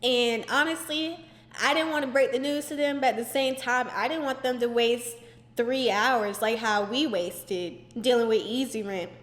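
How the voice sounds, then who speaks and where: Young woman, high voice, exasperated casual storytime, lots of "like", echoey room with long reverb. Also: normal speed. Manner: animated, exasperated, frequent "like" fillers. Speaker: vlogger. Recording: roomy echoey indoor recording.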